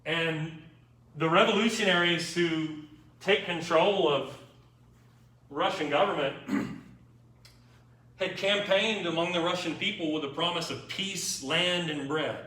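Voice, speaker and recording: A man's voice: fairly high pitch, measured pace, long pauses, sharp tone. Man lecturing in an echoey classroom. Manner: informal, wry, checks in with students. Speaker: history lecturer. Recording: echoey room, mic far off.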